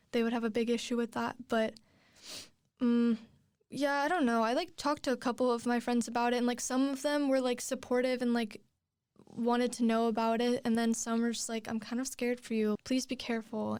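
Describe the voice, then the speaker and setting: A young woman talks through her story as a podcast guest, rambling and restarting with plenty of fillers. Her voice sits a little high and sounds smooth and clear. The recording is close and dry, with no room sound. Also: darkish tone, dry recording. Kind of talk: casual chat.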